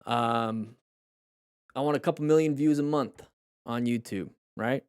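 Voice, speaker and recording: A man who coaches motorcycle riding, his voice going hoarse, talks in a reflective, rambling way with viewers on a live stream, often restarting his sentences. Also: medium pitch, a little slow, darkish tone, dry recording, studio quality.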